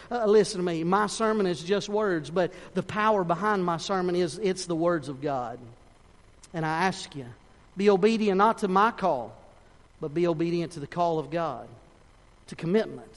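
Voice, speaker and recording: Impassioned preacher, high voice, echoing church. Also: male voice, moderate pace. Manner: impassioned, rising to near-shouting peaks then dropping soft. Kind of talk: sermon with altar call and prayer. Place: church sanctuary.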